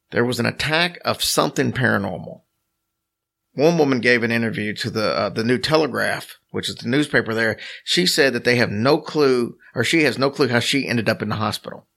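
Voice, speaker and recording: A man co-hosts a casual podcast and works through a story from his notes, dropping wry jokes along the way. His voice sits at an ordinary pitch but has a gravelly rasp. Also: normal speed, a bit bright. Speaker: podcast co-host.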